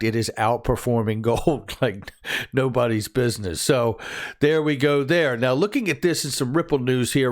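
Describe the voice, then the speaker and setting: A man runs through the day's crypto headlines in a loose, conversational way. He is upbeat and enthusiastic, tossing in jokes and laughing at his own quips as he goes. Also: mid-range voice. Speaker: crypto news channel host. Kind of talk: casual crypto news commentary.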